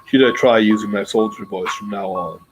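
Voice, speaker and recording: A man putting on a mock-sultry, smug "handsome" voice, slow and lowered, teasing his viewers. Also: fairly even intonation, over music, natural voice, rough recording. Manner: slow, lowered, put-on seductive delivery.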